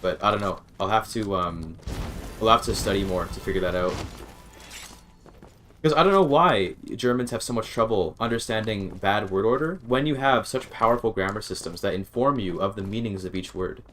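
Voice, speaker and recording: A man's voice: on the low side, expressive, normal speed, fairly bright tone, a little hiss or hum. A man streaming a game, rambling and thinking aloud, often interrupting himself and swearing casually. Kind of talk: casual gaming stream chat.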